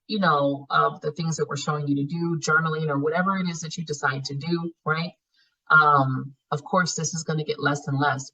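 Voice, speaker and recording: A woman facilitating a spiritual healing class, coaching her students in a blunt, profane, animated way and laughing often. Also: low voice, slightly rough, recorded from a distance, poor audio. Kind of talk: live online class teaching.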